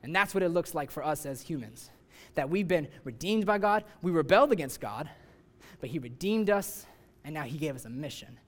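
A young man gives a relaxed, conversational sermon in a fairly high voice. He fills his talk with casual asides and slips into animated voices to act out the people in his story. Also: brisk. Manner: conversational, many "like" fillers, acts out voices with rising excitement. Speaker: youth preacher.

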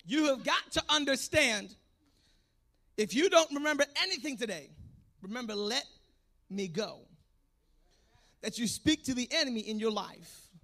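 A male preacher of Puerto Rican background with a strikingly high, very bright and tense voice. He works the room in fervent call-and-response style, dropping to soft asides before surging into shouted exhortation. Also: animated, normal speed, long pauses.

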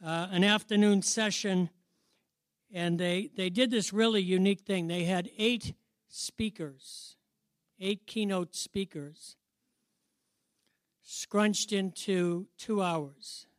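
A middle-aged male preacher with a fairly high voice delivers a sermon as easy storytelling. He keeps turning to his listeners with questions and chuckles at his own anecdotes. The sound is dry and close, with no room echo. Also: fairly even intonation, slow, pauses often. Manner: conversational, questions the audience, chuckles at own stories.

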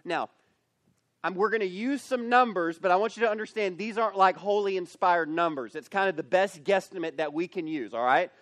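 A man preaching a youth camp sermon, storytelling and acting out characters in an animated way. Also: high-pitched, a little fast, no room sound. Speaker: youth pastor. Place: camp meeting space.

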